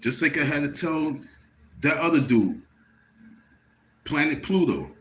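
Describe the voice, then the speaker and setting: A man's voice: on the high side, very animated, unhurried, fairly bright tone. A man on a casual livestream, tired and irritated, rambling and repeating himself as he talks to his viewers. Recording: roomy with faint background noise.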